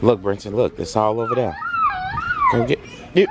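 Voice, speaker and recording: A man's voice: lowish voice, very animated, moderate pace. A man, a father hosting a casual family vlog from his backyard, chatting loosely to viewers and cheering his kids on. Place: windy backyard outdoors. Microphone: handheld phone. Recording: windy outdoor phone recording.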